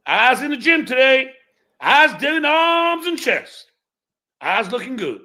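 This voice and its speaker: High, bright-voiced man taunting and threatening. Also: very animated, unhurried. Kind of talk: recorded video rant.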